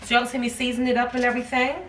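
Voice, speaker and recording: A woman chats to her viewers while she cooks in her home kitchen. Her voice sits on the higher side. She is picked up by a phone set back from her, so she sounds distant, with clear noise behind her. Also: monotone, racing, a bit bright. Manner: chatty, addresses viewers as y'all. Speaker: cooking vlogger. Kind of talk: casual cooking vlog. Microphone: phone camera set back.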